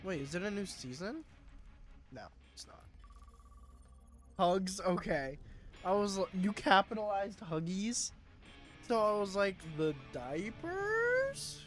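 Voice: mid-range voice, a little slow, pauses often, faint music behind. A streamer with a stuffy, sniffly nose, chatting playfully with viewers during a casual live gaming stream. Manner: chatty, playful, talks to chat.

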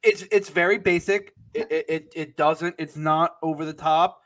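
Animated stammering podcast guy. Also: on the high side, normal speed. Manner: animated, stammers and restarts often. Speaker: podcast co-host. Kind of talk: casual chat.

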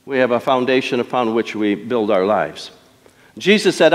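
Middle-aged preacher guy, lively swooping voice, long reverb like a big sanctuary. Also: mid-range voice. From Detroit. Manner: storytelling preacher, dramatic pauses and emphatic swells. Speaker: pastor. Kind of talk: sermon. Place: church sanctuary. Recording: long church hall reverb.

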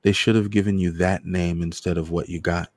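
A man's voice: low-pitched, level tone, a little fast, darkish tone, no echo, clean studio sound. A man voicing a fierce, defiant young woman in a story reading. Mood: earnest.

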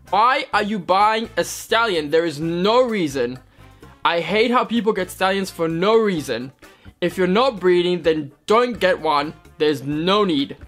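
A man's voice: fairly high pitch, a bit bright. A young man with a mixed British-American accent, casually reading out comments in a vlog and answering them with wry, self-deprecating sarcasm. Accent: mix of British and American. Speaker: equestrian vlogger.

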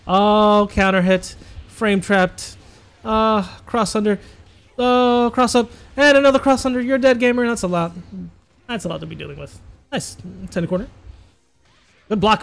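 A man giving playful, excitable live commentary on a fighting-game tournament, chanting along and laughing often. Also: high voice, unhurried, gravelly, clean tone.

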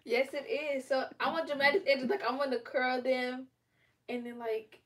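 Casting: young woman client, bright and sassy, a bit high, faint background hiss. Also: level tone, moderate pace. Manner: sassy, playfully boastful. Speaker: client getting braids. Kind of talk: casual chat.

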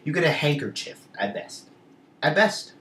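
A young man voicing an eager, loud schoolboy who argues excitedly in a high voice. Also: normal speed, slight background noise. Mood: insistent. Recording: echoey room, mic at a distance.

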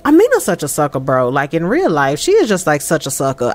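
A woman giving chatty, animated let's-play commentary over a life-sim game, laughing often. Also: low voice, fairly quick, hardly any pauses. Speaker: gameplay commentator.

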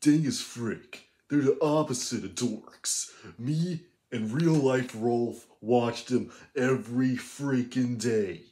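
A man's voice: mid-range voice, takes it slowly, hardly any pauses, warm tone, natural voice. A man playing a cocky, scornful teenage boy in a fan parody roast, mocking and name-calling.

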